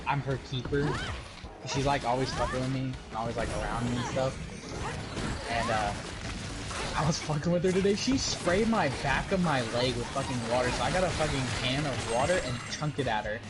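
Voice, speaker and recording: A young man chatting casually with friends on a stream, telling animated stories, swearing freely and laughing often. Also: mid-range voice, moderate pace, loud music behind the voice. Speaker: gamer on a voice-chat stream. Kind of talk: casual chat.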